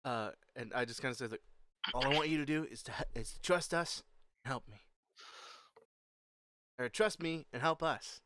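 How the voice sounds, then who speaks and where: A man's voice: mid-range voice, normal speed, long pauses, fairly bright tone. A man playing a tabletop game, speaking in character in an earnest, casual way and often correcting himself mid-sentence. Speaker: player. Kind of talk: in-character tabletop role-play.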